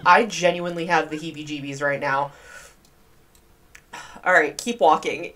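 A woman's voice: fairly low pitch, moderate pace, fairly bright tone. A young woman giving casual gameplay commentary, chatty, gasping and squealing in disgust. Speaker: gaming video creator.

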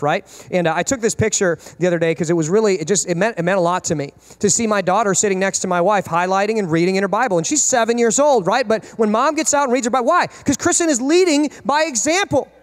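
Fast-talking high-voiced male pastor. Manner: emphatic, rhetorical questions. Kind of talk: sermon.

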